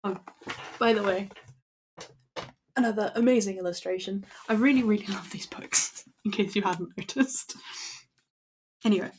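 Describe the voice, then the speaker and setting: A woman's voice: medium pitch, moderate pace, long pauses, slight background noise. A woman reading old fairy tales aloud to her stream at an easy pace, with small slips. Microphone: laptop built-in mic.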